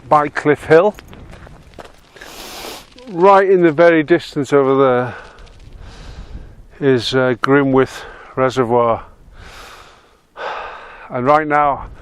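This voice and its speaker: A man with a Yorkshire accent chatting casually as he walks across windy open moorland, self-mocking and laughing often. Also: on the high side. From Yorkshire, England. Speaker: walking guide vlogger. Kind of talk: casual walking commentary.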